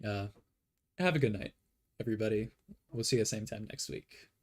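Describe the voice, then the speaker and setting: A man's voice: fairly low pitch, a little fast, darkish tone, slightly rough. A man hosting his own channel, talking casually and earnestly to his viewers, full of fillers and restarts. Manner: rambling, filler-heavy, earnest and upbeat. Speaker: channel host. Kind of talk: casual vlog talk to viewers.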